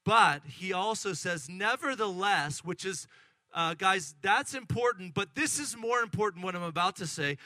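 A middle-aged man preaching a lively sermon, acting out excited voices and asking the congregation questions. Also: high-pitched, moderate pace, no echo. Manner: animated, acts out excited voices, addresses congregation. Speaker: pastor.

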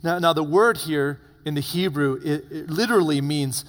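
Man, pastor, sermon, slightly high voice, dramatic storytelling, hushed drops, long church reverb. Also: moderate pace, hardly any pauses.

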